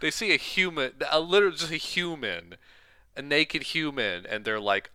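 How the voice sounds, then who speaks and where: A man co-hosting a casual movie-review chat, retelling scenes with sarcastic, animated restarts. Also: fairly high pitch, normal speed, smooth, no room sound. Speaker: podcast co-host.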